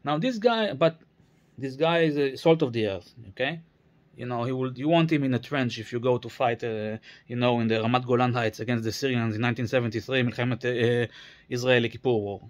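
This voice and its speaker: A man's voice: medium pitch, brisk. Tired man rambling in a casual vlog. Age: 30s. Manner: meandering, many fillers and restarts, trails off. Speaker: vlogger.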